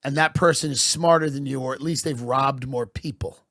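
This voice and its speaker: A man delivering a satirical comedic monologue in a mock-patriotic, deadpan manner that swells into shouted bursts. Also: medium pitch, normal speed, no room sound, studio quality.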